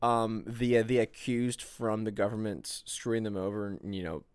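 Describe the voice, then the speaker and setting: A man's voice: on the low side, steady tone, normal speed, a little mellow, clear, resonant tone, no room sound. A man co-hosting a casual political podcast, rambling and sarcastic, with many restarts and fillers. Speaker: podcast co-host.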